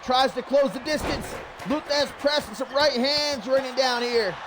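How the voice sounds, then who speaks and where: A man calling a wrestling match as play-by-play commentator, loud and animated, shouting over the action. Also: very high voice, moderate pace, background noise.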